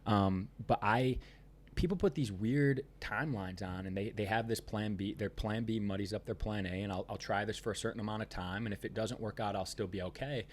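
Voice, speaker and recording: A man talks quickly in a casual podcast conversation, packing his sentences with fillers. His voice sits on the low side, and he is emphatic and rambling as he presses his points. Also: a little hiss or hum. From Ohio, United States. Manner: rambling, heavy on "you know" fillers, emphatic. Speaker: podcast guest, business owner.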